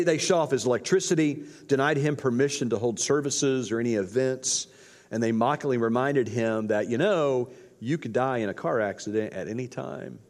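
A man's voice: medium pitch, a little mellow, big-room sound. A male pastor preaching a sermon, urging his congregation with earnest, repeated exhortations.

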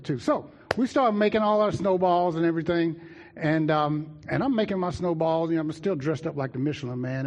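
A man preaching, telling a childhood story with lively asides to the congregation. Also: a little high. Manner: lively, talks to the congregation directly. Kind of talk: sermon storytelling.

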